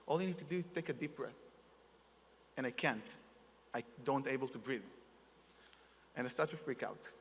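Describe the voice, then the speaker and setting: A young man giving a halting, earnest personal testimony in as a wounded soldier receiving an award. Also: mid-range voice, a bit bright. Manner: halting, earnest, in non-native English. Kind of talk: emotional personal testimony speech. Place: large conference hall. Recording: reverberant conference hall.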